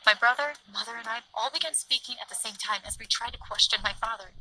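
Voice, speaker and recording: A woman's voice: fairly high pitch, fast, sharp tone, rough recording. Woman narrating a dramatic story. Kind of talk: first-person story narration.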